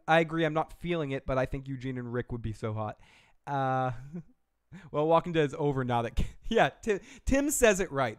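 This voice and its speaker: A man's voice: fairly high pitch, smooth, no room sound, clean studio sound. A man hosting a casual TV episode review, joking and profane, with frequent asides. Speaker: show host.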